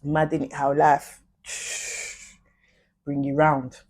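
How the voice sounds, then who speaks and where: A young woman, talking straight to her viewers in a casual, animated storytime full of slang. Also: low voice, drawn-out words. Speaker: vlogger.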